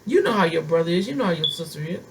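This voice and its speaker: A woman's voice: on the low side, lively intonation, very fast, creaky, noisy background. A middle-aged woman prophetess preaching a sermon, impassioned and driving her points home with emphatic repetition.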